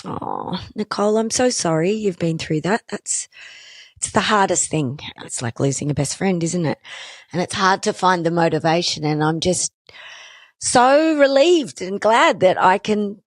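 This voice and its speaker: A middle-aged woman with an Australian accent chats alone into a studio microphone as a podcast host. Her voice sits fairly low, and the sound is dry and close with no room around it. She talks casually and pokes fun at herself. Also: animated, a little slow, no room sound. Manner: chatty and self-deprecating, joking asides. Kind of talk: solo podcast chat.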